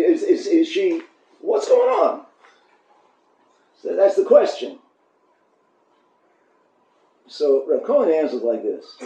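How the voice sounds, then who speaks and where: A man teaching a Torah class, animated and storytelling, often restarting his phrases. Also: fairly high pitch. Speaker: rabbi giving a Torah class. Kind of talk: Torah lecture. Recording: echoey room, dull lo-fi sound.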